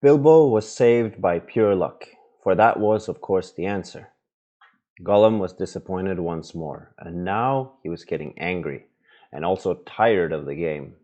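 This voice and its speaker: Very deep, slow reader. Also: male voice, animated, lo-fi sound. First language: Norwegian. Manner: gentle, patient reading with small asides. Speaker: parent reading to his children. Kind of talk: storybook read-aloud.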